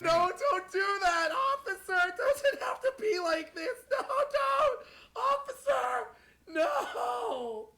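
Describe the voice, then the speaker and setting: A man playing a shrill, brash woman prisoner. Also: moderate pace, vocal fry, exaggerated voice, poor audio. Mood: pleading, shrieking. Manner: shrill, defiant, theatrical shouting. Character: brash foul-mouthed woman under arrest. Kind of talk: street role-play in a game.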